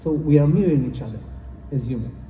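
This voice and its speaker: Speaking at a quick pace, a man with a fairly high pitch and dark tone gives a motivational talk at a conference. The audio is dull, with a little hiss or hum, and was captured from a distance in the echoey hall. Earnestness, repetition, and non-native phrasing define his delivery.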